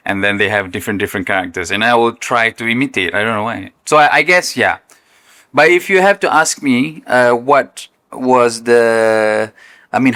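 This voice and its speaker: A man's voice: fairly low pitch, bright, forceful tone, no room sound. A young Malaysian man with a Malaysian accent, a guest chatting casually about his career and laughing often. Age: young adult. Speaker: guest, content creator. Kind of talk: casual interview chat.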